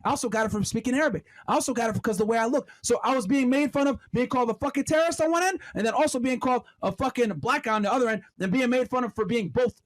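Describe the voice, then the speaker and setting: A man's voice: very high voice, very fast, hardly any pauses. A man in his thirties in a played clip, ranting aggressively and swearing heavily. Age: 30s. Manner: aggressive, scolding, heavy swearing; shouts at times. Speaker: podcast host in a played clip. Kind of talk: profane ranting monologue.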